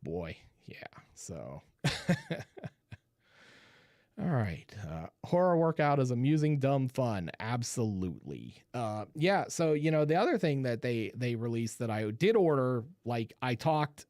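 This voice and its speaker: Dude hosting a horror livestream, chatty and rambly, laughs a lot, pitch jumps all over, dry close mic. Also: male voice, very animated, unhurried, darkish tone, dry recording. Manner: rambling, laughs often, restarts sentences. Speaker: horror show host. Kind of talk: casual livestream chat.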